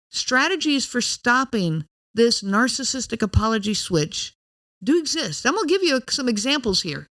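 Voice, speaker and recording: A woman's voice: on the high side, fairly bright tone. A woman hosting a podcast, explaining in an earnest, direct way and speaking straight to the listener. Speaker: podcast host.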